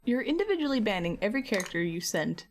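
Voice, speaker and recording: A woman's voice: medium pitch, big pitch swings, fast talker, a little hiss or hum. A woman art streamer chatting casually and teasingly with her viewers while painting, laughing often and fighting a slight cough.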